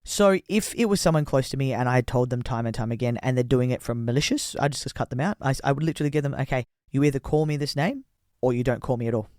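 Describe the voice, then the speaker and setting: Man, thirties, podcast co-host, quick and frank, dry close sound. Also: mid-range voice, expressive, darkish tone, no echo. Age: 30s. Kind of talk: casual podcast chat.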